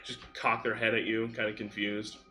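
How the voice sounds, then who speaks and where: Low-voiced, bright game master. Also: male voice, moderate pace, soft background music. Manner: relaxed, rambling narration with fillers. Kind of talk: narrating a tabletop game.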